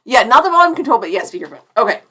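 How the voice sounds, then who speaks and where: A woman's voice: on the high side, big pitch swings, fast talker, bright, forceful tone, breathy edge. A woman around forty hosting a live-stream TV review, effusive and chatty, often restarting her sentences mid-thought.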